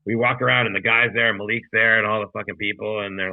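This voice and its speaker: A man's voice: on the low side, level tone, racing, dry recording. A man, a comedian co-hosting a podcast, telling a rambling, profane anecdote in casual chat over a video call. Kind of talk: casual storytelling. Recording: dry tinny video call audio.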